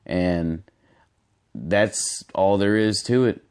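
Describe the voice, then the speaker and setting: A man's voice: low voice, very slow, darkish tone, smooth. A man giving casual solo commentary as a gaming vlogger, rambling and hesitant with many fillers and restarts.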